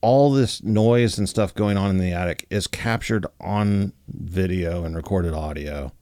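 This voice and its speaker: A man with a low voice tells a story in a loose, conversational way, full of filler words. The recording is dry and close, with no room echo. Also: measured pace. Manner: relaxed, many fillers like 'like' and 'you know'. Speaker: podcast host. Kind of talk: casual storytelling.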